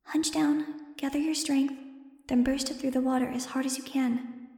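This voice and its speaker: A woman voicing a young winged girl who calmly takes charge and gives clear orders in an audiobook. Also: high-pitched, normal speed, reverberant, big-room sound, pitched above the performer's own voice. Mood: commanding. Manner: bossy yet gentle, giving clear orders. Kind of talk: audiobook character voice.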